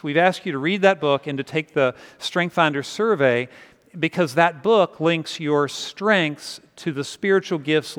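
A man's voice: a little high, fairly bright tone. A male pastor preaching a sermon in a church sanctuary, telling stories in a conversational way and repeating words as he goes. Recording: long reverb of a large hall.

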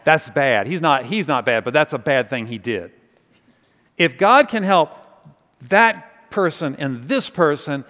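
A man preaching a sermon, telling a story in a conversational, animated way and then dropping to quiet intensity. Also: fairly high pitch, measured pace, in a large hall. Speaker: pastor.

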